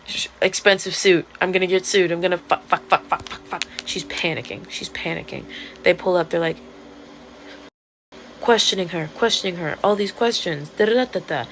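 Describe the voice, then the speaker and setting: A woman vlogger in a casual, excitable rant, retelling a webcomic plot with plenty of swearing and outbursts. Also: lowish voice, brisk, a little hiss or hum. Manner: excitable and profane, storytelling with gasps and outbursts.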